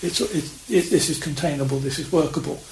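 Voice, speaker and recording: Man, Zen priest, Dharma talk, halting and reflective, gravelly voice, echoey hall. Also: fairly high pitch, a little mellow. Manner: halting, many restarts and fillers, reflective. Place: meditation hall of a priory. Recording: echoey room with faint hiss.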